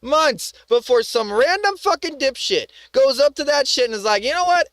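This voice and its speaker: A man's voice: very high-pitched, expressive, moderate pace, a bit bright, no echo. Man, streamer host, angry rant, constant swearing, dry sound. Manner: furious, profane, emphatic. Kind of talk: angry ranting commentary.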